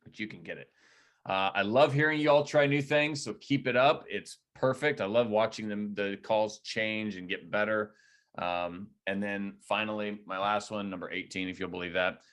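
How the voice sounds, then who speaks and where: A man leading a real estate agent training, coaching in a direct, energetic way. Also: on the low side, normal speed. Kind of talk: training debrief talk.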